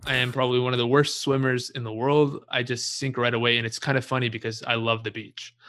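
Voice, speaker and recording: Young man, bright tone, casual storyteller, relaxed and profane, laughs at himself. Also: medium pitch, fast. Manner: relaxed, swears freely, laughs at his own story. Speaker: guest telling a story.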